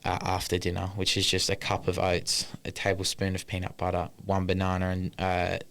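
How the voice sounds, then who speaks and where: Smooth low-voiced man rambling. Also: completely flat delivery, a little fast, a bit bright. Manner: rambling, swears casually, lists numbers. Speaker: podcast co-host. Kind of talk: casual chat.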